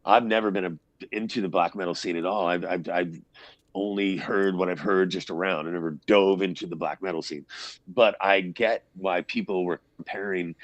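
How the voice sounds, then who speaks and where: A man's voice: low voice, steady tone, moderate pace, no room sound, dull audio. A man, a band frontman, telling stories in a casual interview, rambling and swearing freely. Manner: rambling storyteller, swears freely, acts out quotes.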